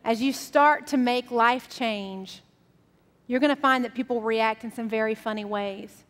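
A woman's voice: on the high side, unhurried, long reverb tail. A woman pastor delivering a sermon in a casual, storytelling way. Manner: conversational, storytelling.

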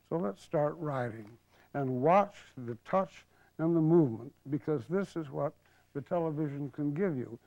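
A man's voice: a little high, a little mellow, no room sound. Older man teaching patiently on old TV. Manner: patient, explanatory, drops to a murmur while writing. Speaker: calligraphy teacher. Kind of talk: televised instructional lesson. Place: studio. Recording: dull 1970s broadcast TV audio.

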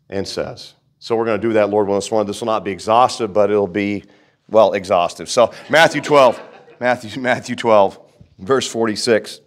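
A man preaching a sermon in a folksy, conversational way, with jokes and asides, reading scripture aloud and praying. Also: on the low side. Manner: reads scripture aloud and prays. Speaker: pastor.

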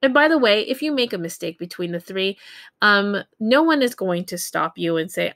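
A woman's voice: medium pitch, animated, normal speed, gravelly, fairly bright tone, no room sound, studio quality. A woman teaching a recorded Japanese grammar lesson, explaining in a casual way with many fillers and self-corrections.

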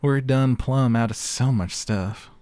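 A man's voice: mid-range voice, unhurried, heavy background noise, natural voice. A man voicing a pushy, sweet-talking Southern belle chef with a mock Southern US accent and a sugary drawl. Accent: exaggerated Southern US, mock.

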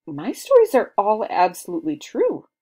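A woman's voice: medium pitch, wildly swooping pitch, normal speed, a little mellow. A woman voicing a poised, commanding second-grade girl who tells theatrical stories to her class. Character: bossy, confident second-grade girl storyteller.

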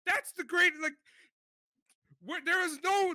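A man co-hosting a podcast, talking in an animated, excited way, swearing often and dropping into deep mock voices when quoting others. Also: normal speed, dry recording. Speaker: podcast co-host. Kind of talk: excited casual chat.

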